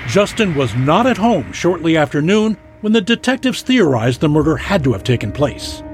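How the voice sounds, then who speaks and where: A man narrating a true-crime news story with a dramatic, measured delivery. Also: a little high, big pitch swings, over music.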